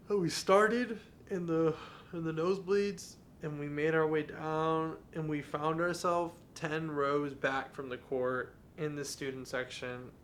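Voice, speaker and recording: In a casual podcast monologue, a young adult male host opens up in an earnest, candid, confessional way. His voice is a little high and a bit bright, with slight background noise.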